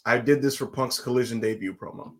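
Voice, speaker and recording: A man hosting a wrestling podcast, telling a story in casual chat, animated and swearing, his voice climbing high and loud when he gets excited. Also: brisk. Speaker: podcast host.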